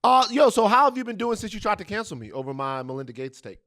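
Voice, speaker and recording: A man's voice: sits high, sing-song, quick pace, a bit bright, no echo. A man co-hosting a podcast in casual, joking chat, sometimes talking while eating. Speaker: podcast co-host.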